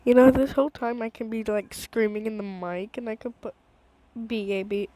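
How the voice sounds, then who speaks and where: A woman's voice: on the high side, normal speed, no echo, poor audio. A woman chatting casually while playing a game, giggling often and speaking into a handheld microphone. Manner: giggly, excitable, laughs a lot. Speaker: gaming streamer.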